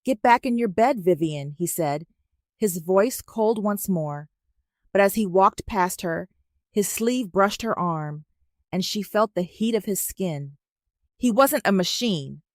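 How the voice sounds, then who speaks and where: A woman narrating a scripted story in a measured, even way, recorded on a close mic. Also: medium pitch, dry recording.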